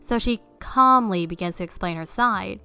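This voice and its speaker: A woman reading online stories aloud as a narrator in a steady storytelling way. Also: mid-range voice, normal speed, creaky, clear, resonant tone, faint music behind.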